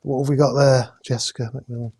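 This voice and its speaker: A man hosts a live raffle from indoors at home with a camera crew, drawing prizes in a casual live-stream chat. His medium-pitched voice is level, a little mellow and breathy with vocal fry. He's chatty but halting, full of uh's and jokey asides.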